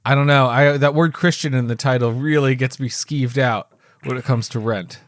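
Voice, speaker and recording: A man's voice: mid-range voice, normal speed, no echo. A man co-hosting a casual movie podcast, playful and hesitant, with many fillers. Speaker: podcast co-host.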